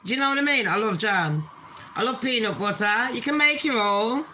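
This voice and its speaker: A woman's voice: fairly high pitch, lively intonation, a little fast, sharp tone, slight background noise, rough recording. A woman chatting casually to her channel, swearing freely and laughing often. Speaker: channel host. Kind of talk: casual chat vlog.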